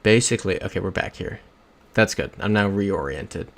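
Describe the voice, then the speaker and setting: Young male streamer with a low, gravelly voice, chatty and rambling between game rounds. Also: normal speed, fairly bright tone. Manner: rambling storyteller who reads chat comments aloud. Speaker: livestreamer. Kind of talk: casual chat while playing a geography game.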